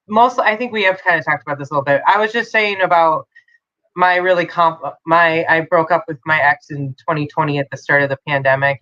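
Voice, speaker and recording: A woman's voice: low voice, pushed and bright, muffled recording. A woman co-hosting a casual live-stream chat, talking openly and laughing often. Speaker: co-host.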